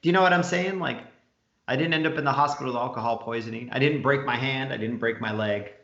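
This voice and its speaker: A man's voice: mid-range voice, quick pace. Swearing guy rambling through a story, roomy muffled lo-fi sound. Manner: profane, rambling, animated storyteller. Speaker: podcast co-host. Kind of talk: casual storytelling chat.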